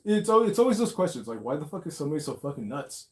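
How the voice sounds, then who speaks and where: A man hosting a story show, reacting in a casual monologue full of swearing and laughter. He drops into low mutters and then bursts out loud and high. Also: very animated, quick pace, hardly any pauses, soft background music, rough recording. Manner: swears constantly, laughs, jumps from mumbling to loud outbursts. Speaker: host reacting to reddit stories.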